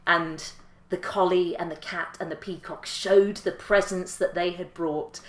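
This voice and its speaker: A woman storyteller telling a folk tale in a lilting, expressive way. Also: fairly low pitch, measured pace, reverberant.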